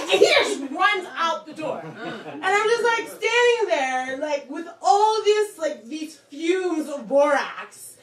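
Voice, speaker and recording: Young female storyteller, high and lively, echoey bar room. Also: measured pace. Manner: chatty, laughing, animated. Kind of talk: live storytelling. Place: small bar performance room. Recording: echoey room, distant mic.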